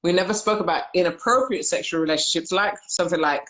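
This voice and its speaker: A woman's voice: lowish voice, fast, a bit bright. Woman, host, reflective storyteller, roomy echo, video call. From United Kingdom. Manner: reflective storytelling, reads viewer comments aloud. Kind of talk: live casual discussion.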